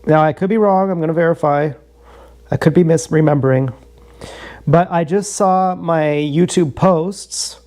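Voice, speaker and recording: A man's voice: a little high, measured pace, a little mellow. A young man telling a rambling, profane, joking story on a livestream, often repeating himself.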